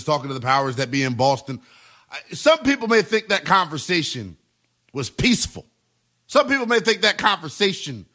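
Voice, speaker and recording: A man hosting a sports talk radio show, delivering an emphatic, animated monologue with lots of repetition. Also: on the high side.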